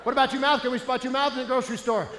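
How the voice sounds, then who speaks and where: A man giving a comedic stage seminar as a speaker, animated, punchy and playful. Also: very high voice, racing, background noise. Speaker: motivational speaker. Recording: echoey hall, faint ambience.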